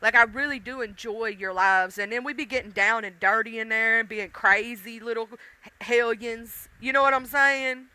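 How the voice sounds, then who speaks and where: A woman's voice: on the high side, fairly even intonation, normal speed, pushed and bright, clean tone, no room sound, low-quality recording. A woman hosting a casual livestream, chatting with her viewers, laughing and teasing them by name. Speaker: livestream host. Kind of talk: casual chat with live viewers.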